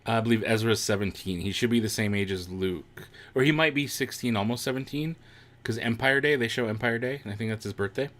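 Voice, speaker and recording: A man's voice: lowish voice, brisk, a bit bright. A man hosting a live watch-along stream, chatting casually with viewers, reacting to the show and laughing often.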